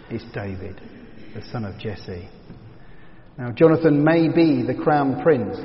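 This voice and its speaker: Working verse by verse through Scripture, a man explains the passage in a thoughtful, reflective way, his mid-range voice frequently sinking to a hush to stress a point. The audio carries the dull reverb of a hall.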